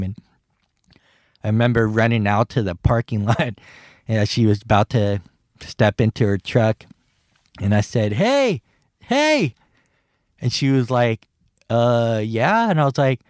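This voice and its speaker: A man's voice: mid-range voice, dry recording, studio quality. A man casually telling a personal story on his podcast, rambling and laughing at himself as he acts out the dialogue. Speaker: podcast host.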